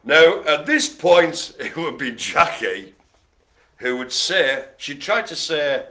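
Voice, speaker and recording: A man's voice: a little high, animated, takes it slowly, sharp tone. A man hosting a live bingo game, playful and punning, laughing often. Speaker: bingo host. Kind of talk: jokey live bingo calling. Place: care home activity room.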